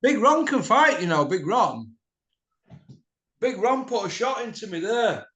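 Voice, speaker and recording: A middle-aged man telling a rowdy story in casual chat, mouthy and quick to laugh. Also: high voice, big pitch swings, sharp tone. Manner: mouthy, laughs a lot, slips into quoted voices. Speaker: podcast host. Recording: echoey room.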